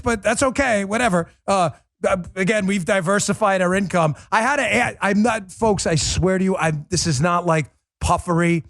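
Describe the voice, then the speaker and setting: Rich: A man with a fairly high voice hosts a political talk show, sarcastic and mocking as he rants. He turns animated, jumping up in pitch when mimicking others, and the sound is close and dry, as from a studio mic. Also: no room sound. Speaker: host.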